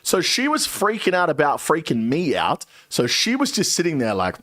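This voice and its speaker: A man in his late twenties, a streamer telling a story to his chat in a casual, animated way, swearing often. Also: fairly high pitch, moderate pace, few pauses. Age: 20s. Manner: animated, swearing a lot, dramatic retelling.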